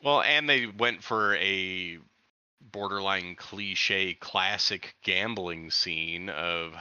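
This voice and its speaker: A man's voice: low voice, extremely slow, sharp tone, clear, resonant tone, dry recording. A man in a casual film discussion podcast. He is enthusiastic and often laughs between his points. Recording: dull lo-fi sound.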